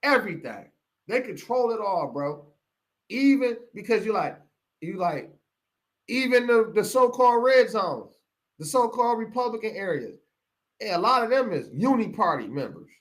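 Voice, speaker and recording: A man's voice: high-pitched, sing-song, moderate pace. A middle-aged man from Pontiac, hosting a live broadcast and delivering a heated, preachy rant that repeats phrases for emphasis. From Pontiac, Michigan. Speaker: show host.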